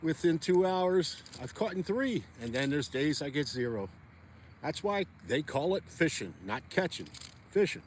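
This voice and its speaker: Casual man vlogging from a frozen pond, chatty and rambling, a touch high-pitched, faint wind and hum behind. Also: very animated, unhurried. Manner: chatty, rambling, talks to viewers while jigging. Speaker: ice fishing vlogger. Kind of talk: casual outdoor vlog chat.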